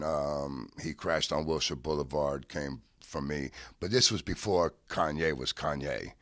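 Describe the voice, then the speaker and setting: A man in a casual interview, telling anecdotes in a lively way, swearing freely and acting out the voices of people he quotes. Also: very deep voice, no room sound, studio quality. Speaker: interview guest, car rental businessman.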